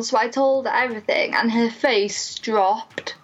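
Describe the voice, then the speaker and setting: High-voiced young woman telling her story. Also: normal speed, highs cut off, slight background noise. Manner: lively, acts out quoted dialogue, laughs at herself. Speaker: interview guest. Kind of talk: animated personal storytelling.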